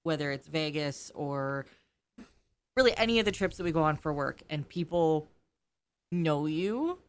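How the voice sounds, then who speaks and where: Woman with a lowish voice chatting on stream. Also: lively intonation, measured pace. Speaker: streamer's partner. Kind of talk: casual livestream chat.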